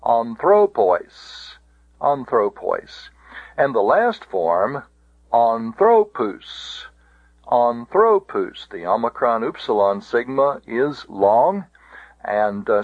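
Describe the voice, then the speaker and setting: A man teaching Greek accent rules in a recorded lesson, saying each word form slowly and then repeating it. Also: mid-range voice, animated, dry recording, lo-fi sound.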